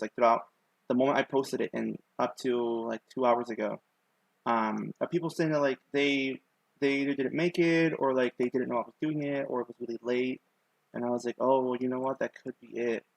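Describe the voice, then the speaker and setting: A man's voice: mid-range voice, vocal fry, no room sound, rough recording. A young man with a lisp, chatting casually and rambling self-consciously on a live stream, with many ums and likes. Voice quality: lisp on his S sounds.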